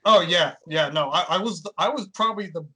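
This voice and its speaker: A man's voice: high voice, brisk, bright, forceful tone, breathy edge. A young man chatting as a guest, talking eagerly, agreeing often and trailing off mid-thought. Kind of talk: casual reminiscing chat.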